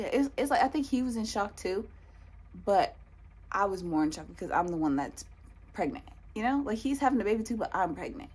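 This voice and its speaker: A young woman telling a personal story in a storytime vlog, animated and repeating lines for emphasis. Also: medium pitch, moderate pace, breathy edge. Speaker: vlogger.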